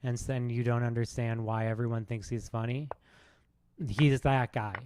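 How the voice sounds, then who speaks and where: A man streaming, rambling in a deadpan, sarcastic way with halting restarts. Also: medium pitch, clear, resonant tone, no room sound. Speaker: chess streamer. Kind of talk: casual rambling monologue.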